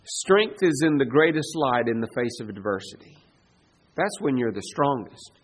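A middle-aged man preaching a sermon as pastor, emphatic, repeating key phrases and slowing down to stress commands. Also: medium pitch, sing-song, a little hiss or hum.

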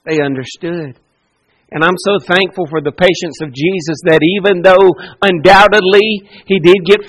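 A man's voice: sits high, fairly bright tone, low-quality recording. A man preaching a sermon with passion, repeating phrases for emphasis and acting out quoted speech. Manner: impassioned, repetitive preaching with dramatic quoted speech. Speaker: pastor.

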